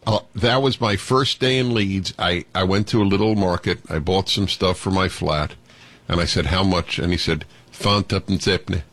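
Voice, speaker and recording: A man's voice: deep voice, normal speed, fairly bright tone. A man hosting a radio talk show, jovial and laughing easily while he interviews a guest.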